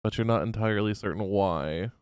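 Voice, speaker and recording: Clear-voiced man game master. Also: lowish voice, brisk, dry recording. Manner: calm, dry, direct. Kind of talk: running a tabletop game.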